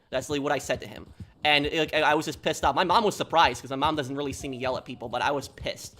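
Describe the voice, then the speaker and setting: Fast-talking man telling a story. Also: a little high, fairly bright tone. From New York. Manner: rambling, repeats himself, restarts often. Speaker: streamer. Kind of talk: casual storytelling on a stream.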